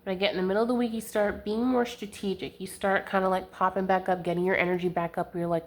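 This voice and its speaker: Young woman doing a tarot reading into her camera, chatty, giggly, lots of "like", mid-pitched voice. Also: flat delivery, fast talker, few pauses. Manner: chatty and giggly, full of "like" fillers. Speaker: tarot reader. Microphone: handheld camera mic.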